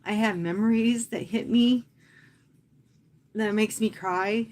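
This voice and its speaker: A woman who hosts live fitness classes, talking earnestly and from the heart to her viewers in a casual livestream, often pausing and speaking softly. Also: mid-range voice, fairly even intonation, a little hiss or hum. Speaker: fitness instructor and livestream host.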